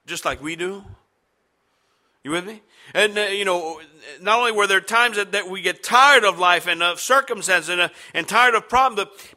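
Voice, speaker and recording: A male pastor delivers a sermon in a high, very bright voice. He talks in a halting, conversational way, restarting phrases and filling gaps with "uh" and "you know". He turns to the congregation with questions as he goes. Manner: halting, repeats words, many fillers, asks the congregation questions. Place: church sanctuary with congregation.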